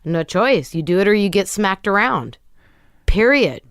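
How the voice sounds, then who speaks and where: A middle-aged woman talking as a podcast guest, candid and wry, deadpan even about hard subjects. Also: mid-range voice, a little slow, clean tone, no room sound, clean studio sound. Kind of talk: casual conversation.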